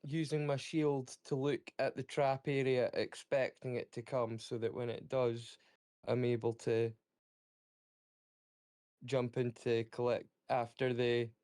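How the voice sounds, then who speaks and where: A man's voice: mid-range voice, flat delivery, measured pace, a little mellow, no echo. A man playing in a tabletop role-playing game, telling tall tales in character. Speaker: player. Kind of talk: casual in-character banter.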